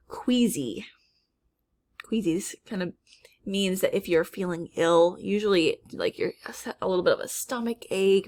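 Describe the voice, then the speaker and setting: Woman teacher going slow thru phonics words, repeats each one, stretches the sounds out. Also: medium pitch. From Minnesota. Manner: slow, drawn-out word modeling. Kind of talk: phonics lesson.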